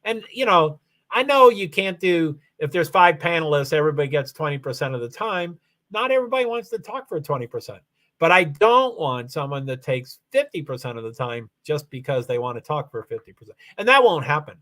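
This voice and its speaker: A man from Louisville, Kentucky, USA, with a faint Southern accent hosts a casual livestream chat. His voice is slightly high and fairly bright, brisk with big pitch swings, and he rambles hesitantly, restarting often.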